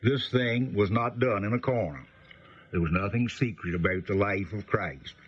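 A man teaching the Bible on the radio in a folksy, unhurried way, explaining with frequent pauses. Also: lowish voice, husky. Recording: dull lo-fi radio broadcast.

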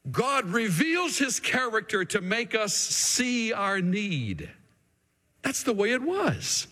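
A high-pitched, highly animated male pastor delivering a sermon at an unhurried pace. His voice leaps and drops as he moves from hushed asides to ringing declarations. The sound carries the long reverb of a large hall, with faint music beneath. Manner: dramatic, swings from hushed to shouting.

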